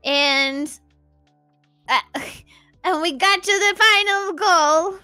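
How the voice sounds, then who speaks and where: Very high, bright, playful woman. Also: very slow, dry recording, faint music behind. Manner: dramatic, giggly, mock-pleading. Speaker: VTuber guest. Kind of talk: playful livestream chat. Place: home streaming setup.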